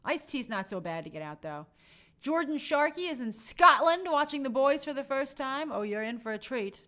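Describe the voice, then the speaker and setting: Brief: young adult woman, slightly high voice, casual chatty live-stream host reading viewer shout-outs. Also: lively intonation, normal speed. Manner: chatty, friendly, reads names aloud.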